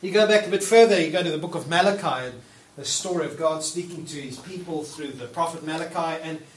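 A man preaching a conversational, animated sermon. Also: fairly high pitch, fairly quick. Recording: roomy hall from far off, faint noise.

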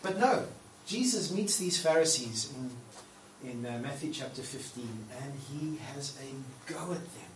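A man preaching a conversational, animated sermon. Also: medium pitch, unhurried, few pauses. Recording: roomy hall from far off, faint noise.

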